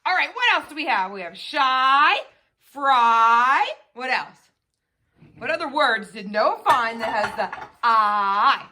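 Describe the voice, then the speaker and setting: A woman teaching a children's phonics lesson in a sing-song way, spelling out letters and sounding out words slowly. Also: high voice, expressive, pushed and bright.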